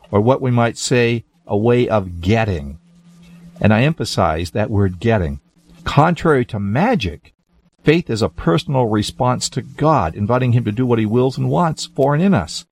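A man who is a pastor, talking in a measured, emphatic way in a religious discussion. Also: medium pitch, lively intonation, gravelly, a little mellow, husky.

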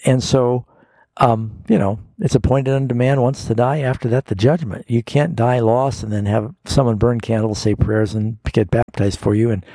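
A man's voice: medium pitch, vocal fry, dark tone, husky, dry recording. A man hosting a call-in Bible radio show as a pastor, answering callers' questions in a folksy, explanatory way and reading scripture aloud.

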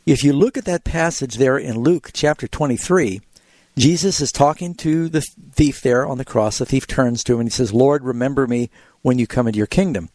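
A man hosting a call-in Bible radio program, explaining scripture in a measured, teacherly way. His voice sits at a middling pitch and is recorded close and dry, with no room sound. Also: darkish tone, no room sound. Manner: explanatory, tells anecdotes, measured. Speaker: radio Bible show host.

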